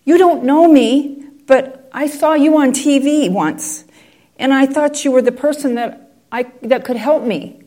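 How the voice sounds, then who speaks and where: A woman voicing a desperate female caller who speaks slowly and hesitantly. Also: high voice, mellow, voice pushed up.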